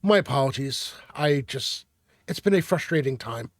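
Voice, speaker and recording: A man voicing a blunt, impatient young female squire who talks quickly and sounds exasperated. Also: mid-range voice, expressive, no room sound, studio quality, close to an everyday voice. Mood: worried.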